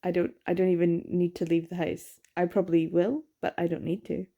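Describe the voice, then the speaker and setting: A young woman chatting excitedly in a late-night reading vlog, sleepy with her words slurring, gasping and laughing as she gushes about a book. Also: fairly low pitch, fairly quick, phone-quality sound. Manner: gushing and excitable, frequent laughs and gasps. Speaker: book vlogger.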